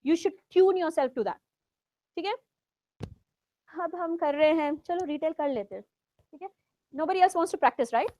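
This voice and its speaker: A woman with an Indian accent teaches an exam-prep class, talking fast and coaxing students to take a turn. Her voice sits very high, and the sound is dry and close. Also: mellow, no echo. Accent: Indian English. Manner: instructive, coaxing students to try. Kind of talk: classroom coaching mixing English and Hindi.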